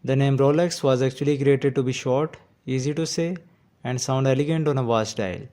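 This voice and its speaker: A man hosts a scripted pronunciation lesson, sounding out each word with slow, deliberate care. His voice sits at an ordinary middle pitch with a warm, mellow tone. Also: fairly even intonation. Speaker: pronunciation teacher.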